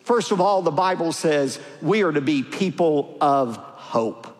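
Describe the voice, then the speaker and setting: A middle-aged male pastor preaching a sermon in a large church, emphatic and building to loud cries. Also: fairly high pitch, animated, measured pace. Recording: long hall reverb.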